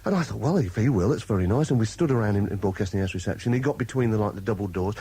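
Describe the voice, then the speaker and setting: On a low-quality 1980s radio recording, a man with a fairly low, breathy voice speaks in rapid-fire bursts. The presenter tells a lengthy story in relaxed conversation, laughing and acting out the voices in it.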